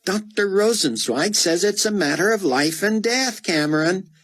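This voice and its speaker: A man voicing a sharp-tongued woman secretary who talks in a sarcastic, sickly sweet sing-song. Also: high-pitched, animated, moderate pace, no room sound, pitched above the performer's own voice.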